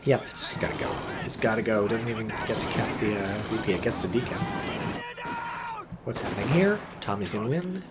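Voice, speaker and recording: Low-voiced man casting a war game. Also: brisk, heavy background noise. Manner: chatty, joking, off-hand swearing. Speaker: game commentator. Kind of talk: casual play-by-play commentary. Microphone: desk microphone. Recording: voice over loud game battle audio.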